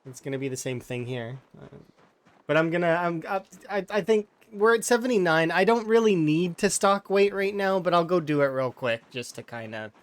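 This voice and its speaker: A man's voice: a little high, moderate pace. A man giving casual, rambling commentary while playing a game, often restarting his words and brushing off complaints. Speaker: streamer.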